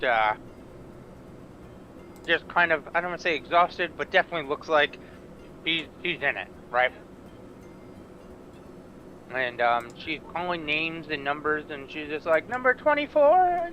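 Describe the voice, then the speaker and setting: A man's voice: fairly high pitch, sharp tone, dull audio, a little hiss or hum. A man narrating as game master of a tabletop game, descriptive and rambling with frequent fillers.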